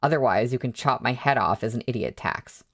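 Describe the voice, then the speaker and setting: A man's voice: medium pitch, brisk, creaky, a bit bright, no room sound, clean studio sound. Male reader doing a nervous, apologetic younger sister; plain read, mid-range voice. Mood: boastful. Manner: apologetic, pleading. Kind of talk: audiobook reading.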